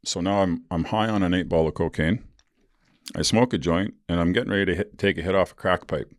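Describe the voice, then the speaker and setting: A man hosting a podcast, his very low voice rough with fry. He tells his own story bluntly and profanely, with rueful laughter. The sound is close and dry. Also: fairly quick, no room sound. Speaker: podcast host. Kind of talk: candid personal storytelling.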